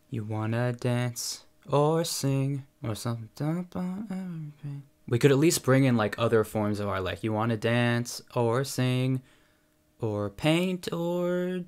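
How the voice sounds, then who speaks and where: A young man giving casual commentary, sarcastic and critical, with quick asides. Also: medium pitch. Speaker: YouTuber. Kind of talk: casual commentary on song lyrics.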